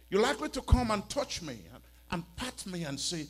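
A man's voice: sits high, sing-song, fairly quick, few pauses, breathy edge. A man preaching a church sermon as a bishop, pleading and emphatic, with many rhetorical questions.

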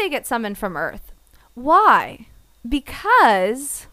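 A woman's voice: a little high, lively intonation, unhurried, a bit bright, smooth, no echo. A woman co-hosting a casual podcast, reviewing an anime with playful sarcasm and frequent laughs. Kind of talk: casual chat.

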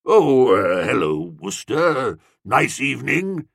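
A man's voice: medium pitch, sing-song, slow, vocal fry, breathy edge, no echo, clean studio sound, full character voice. A man voicing an aggrieved blustering bully. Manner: sulky, pleading protest.

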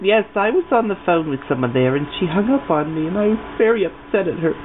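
A man's voice: high voice, expressive, fast. Man doing a fussy lonely old woman. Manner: dramatic, fussy, oversharing. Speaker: prank caller. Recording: tinny phone line, faint hiss.

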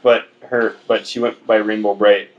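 A man's voice: fairly low pitch, little pitch movement, normal speed. A man co-hosting a podcast in crude, joking casual banter, swearing freely. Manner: profane, joking, acts out voices in quotes. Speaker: podcast co-host. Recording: dull lo-fi sound.

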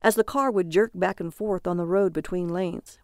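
Smooth-voiced woman reading a story. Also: fairly low pitch, normal speed, darkish tone, no echo, clean studio sound. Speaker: narrator. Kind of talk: audiobook reading.

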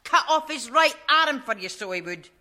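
An actress with a Scottish accent playing a bossy, sharp-tongued middle-aged mother in a sitcom, firing off quick comebacks. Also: high voice, expressive.

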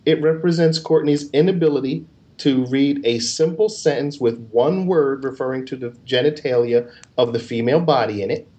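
A man co-hosting a casual podcast, teasing his co-host with a mock-formal, pedantic, deadpan manner. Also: mid-range voice, moderate pace, dull audio.

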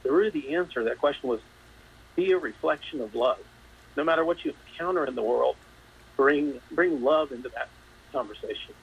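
A man's voice: medium pitch, creaky, breathy edge, muffled recording. Earnest man on a remote feed. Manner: earnest, halting, repeats words. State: emotional. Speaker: state representative, interview guest. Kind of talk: live news interview.

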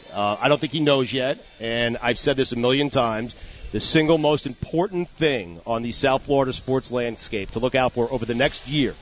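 A man's voice: mid-range voice, a little hiss or hum. A middle-aged man hosts a casual sports radio segment, telling a story with eager restarts and repeated phrases. The recording sounds a little dull and lo-fi. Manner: animated storyteller with frequent restarts. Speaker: radio show host.

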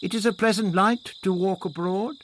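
A man's voice: high voice, normal speed, a little hiss or hum, pitched above the performer's own voice, lightly acted. A man voicing a proud, formal male Aztec warrior who speaks in a stately way.

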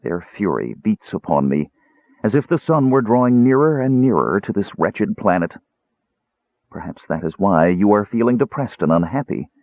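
A man voicing an intense, cold male mage who speaks in measured, brooding tones with sudden demanding edges, over a tinny phone-like line. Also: lowish voice, lively intonation, creaky, no room sound.

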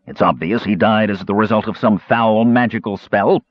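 A man's voice: lowish voice, moderate pace, no room sound, natural voice. A man reading an audiobook, voicing a suspicious male lord who speaks grimly and accusingly. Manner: grim and accusing. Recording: slightly muffled dry recording.

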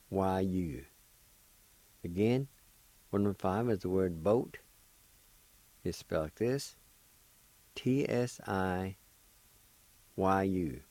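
On a radio language lesson, a man with a low, warm voice speaks very slowly and patiently, spelling each word letter by letter with long pauses before urging listeners to practice. The sound is dry, close, and free of echo.

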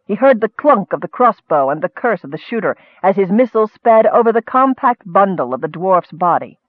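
A man's voice: sits high, very animated, brisk, dry recording. A man narrating an audiobook, with scholarly asides addressed to a superior, heard through a thin, phone-like recording.

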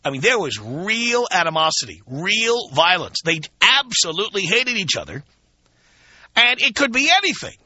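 A man's voice: high-pitched, very animated, moderate pace, bright, forceful tone. A male talk radio host telling a frank, emphatic story to his listeners, casual and blunt, with many fillers. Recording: dull lo-fi radio broadcast.

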